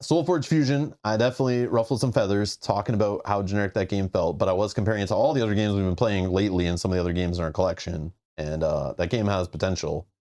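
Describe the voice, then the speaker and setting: A man's voice: low-pitched, steady tone, quick pace, hardly any pauses, a little mellow. A man from Southern Ontario hosts a casual board game stream. He rambles and jokes, reading viewer comments aloud in an easygoing, conversational way. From Southern Ontario, Canada. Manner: joking, rambling, reads chat comments aloud. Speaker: board game channel host.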